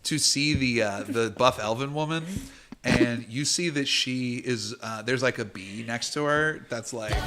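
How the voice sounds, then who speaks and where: A man's voice: medium pitch, a little slow, sharp tone. A man narrating as game master for a tabletop game stream, playful and theatrical, with many fillers.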